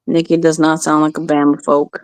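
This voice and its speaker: A woman's voice: deep voice, little pitch movement, brisk, clean tone, no echo. A woman with a New Jersey accent in casual chat, blunt and profane.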